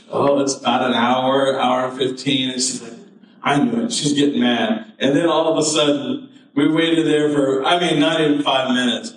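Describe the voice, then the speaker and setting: A man, a pastor, telling a personal story in a sermon and building to fervent preaching. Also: medium pitch. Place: church sanctuary. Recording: very echoey hall, mic at a distance.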